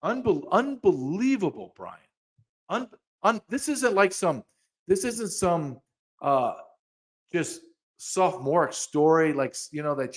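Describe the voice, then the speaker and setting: A man's voice: fairly high pitch, expressive, measured pace. A man hosting a podcast, ranting angrily in heated commentary, with frequent restarts and repeated words. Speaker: podcast host.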